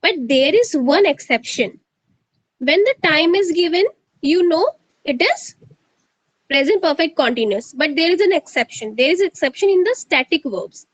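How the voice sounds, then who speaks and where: A woman's voice: very high voice, animated, normal speed, dry recording, muffled recording. A woman with an Indian English accent teaching a live online grammar class, drilling her students with questions and slipping into Hindi to prod them.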